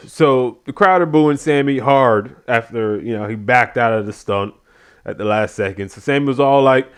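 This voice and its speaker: Man recapping a wrestling show, smooth voice. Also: mid-range voice, normal speed. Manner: animated retelling, acts out quotes. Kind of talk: casual spoken review.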